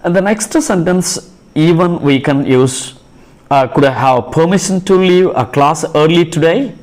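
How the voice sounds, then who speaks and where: A man teaching classroom phrases, pausing often with fillers and restarting sentences as he reads out examples. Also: fairly high pitch, darkish tone. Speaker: English teacher. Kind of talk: classroom English lesson.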